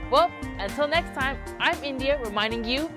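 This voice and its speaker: A woman presenting a children's devotional video, talking in a fairly high, friendly voice and asking the viewer lots of questions. A clear music bed plays behind her. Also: expressive, normal speed. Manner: chatty, asks the viewer questions.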